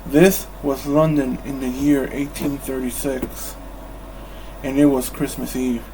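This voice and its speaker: A man reading a bedtime storybook aloud in a calm, measured way. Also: mid-range voice, slight background noise, rough recording. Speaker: storybook reader.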